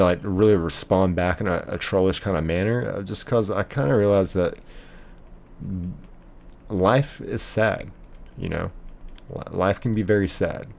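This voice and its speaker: A man's voice: fairly low pitch, creaky, a little mellow. A man hosting a live stream in casual chat, reading viewer comments aloud and answering them in a rambling way, full of filler "like"s.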